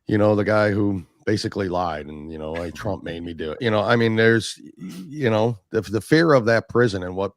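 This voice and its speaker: A man hosting an interview, who affirms his guest often and asks questions in a relaxed, chatty way. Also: fairly low pitch, brisk, hardly any pauses, dry recording. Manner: affirming, frequent agreement. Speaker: host. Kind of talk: conversational interview.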